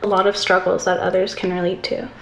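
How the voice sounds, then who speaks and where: A woman's voice: fairly low pitch, little pitch movement, fast talker, reverberant, slight background noise, low-quality recording. A woman interviewer, supportive and affirming, asking follow-up questions. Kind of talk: interview conversation.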